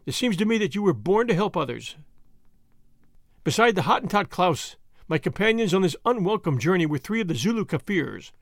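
A man reading a novel aloud as first-person storyteller, in a steady narrating manner. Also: fairly high pitch, no echo, clean studio sound. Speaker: audiobook narrator.

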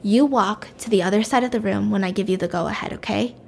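A woman voicing a determined young captive who talks in a hushed, urgent way. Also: fairly quick, creaky, a little hiss or hum, lightly acted. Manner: urgent, low-voiced pleading.

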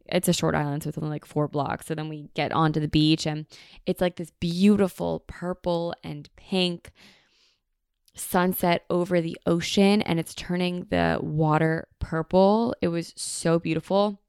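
A young American woman hosts a casual podcast and gushes through her stories in a chatty way. Her voice sits low for a woman and carries a gravelly fry, yet it stays smooth and resonant, and the recording is close and dry. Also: steady tone, measured pace, darkish tone, no echo. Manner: gushing and chatty, filled with "like". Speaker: podcast host. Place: home in a beach town at sunset.

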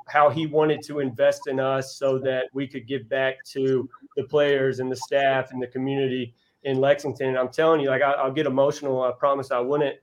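A young adult man, a college basketball coach, telling heartfelt stories as a podcast guest, earnest and halting with restarts. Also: medium pitch, rough recording. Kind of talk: casual podcast storytelling.

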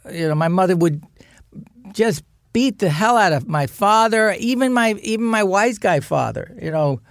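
Animated male storyteller, slightly high voice. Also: normal speed, no echo, clean studio sound. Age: 60s. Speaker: guest actor. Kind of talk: storytelling in a podcast interview.

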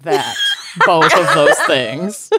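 A woman's voice: sits low, expressive, extremely slow, very noisy. A woman co-hosting a podcast, bubbly and self-mocking in casual chat. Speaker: podcast co-host.

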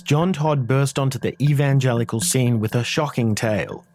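A man's voice: mid-range voice, darkish tone. Man reading a dramatic podcast promo. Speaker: promo announcer.

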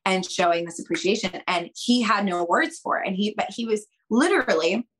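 Animated woman giving emphatic dating advice. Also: fairly quick, poor audio. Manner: emphatic, talks straight to listeners as "girls" and "you guys"; animated, acts out dialogue with big pitch jumps. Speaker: podcast guest, dating coach. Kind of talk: conversational podcast advice.

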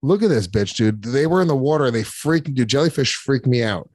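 Loud sweary podcast guy, dry studio sound, mid voice. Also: mid-range voice, lively intonation, brisk, no room sound. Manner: profane, boisterous, swears constantly. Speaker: podcast co-host. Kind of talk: crude casual banter.

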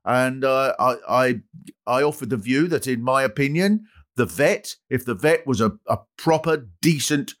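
A male comedy host with a lively, swooping delivery, doing a mock-solemn satirical bit. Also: medium pitch, moderate pace. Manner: mock-solemn and sarcastic, building into a pompous rant.

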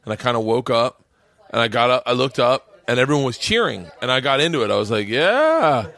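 A man hosting a podcast, telling a rambling, profane, animated story with many restarts in casual chat. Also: medium pitch, fast. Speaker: podcast host.

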